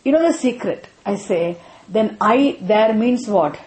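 A woman's voice: medium pitch, animated, measured pace, darkish tone. Woman teaching in an echoey room. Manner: repetitive, checks students with frequent questions. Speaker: spiritual teacher. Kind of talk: interactive scripture class.

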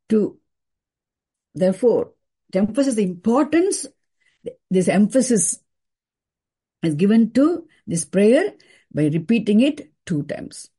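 A woman teaching a scripture class, explaining terms deliberately and repeating key words for emphasis. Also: on the high side, warm tone, breathy edge.

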